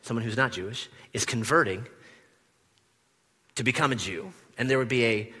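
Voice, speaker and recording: A man preaching a sermon in a church, animated, acting out the quoted lines with big swings from loud to hushed. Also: medium pitch, normal speed, husky, in a large hall. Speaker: pastor. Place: church sanctuary.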